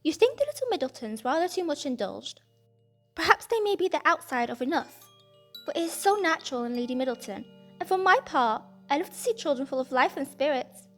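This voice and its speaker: A woman doing a sweet, flattering young schemer. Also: high-pitched, fairly quick, soft background music.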